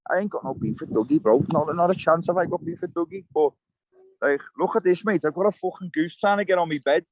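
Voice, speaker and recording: A man's voice: high-pitched, steady tone, brisk, lo-fi sound. A young man ranting bluntly in an interview, swearing freely while speaking outdoors by the water as he fishes. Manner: blunt, swearing straight talker. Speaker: interview guest. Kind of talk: heated interview rant.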